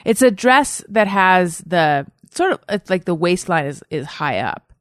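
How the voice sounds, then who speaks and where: A woman's voice: lowish voice, sing-song, measured pace, no room sound, clean studio sound. A woman hosting a podcast, chatting in a playful, rambling way. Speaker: podcast host. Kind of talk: casual chat.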